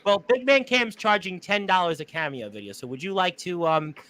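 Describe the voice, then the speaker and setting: A man hosting a casual talk show with a high, bright voice. He is excitable and laughs often as he chats with guests. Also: a little fast. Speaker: host. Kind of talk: casual podcast chat.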